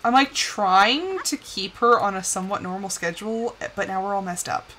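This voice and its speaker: Lively chatty woman streamer. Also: mid-range voice, normal speed, slight background noise. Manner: chatty, laughs often, talks to the characters. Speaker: streamer playing a life-simulation game. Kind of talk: casual live-stream commentary.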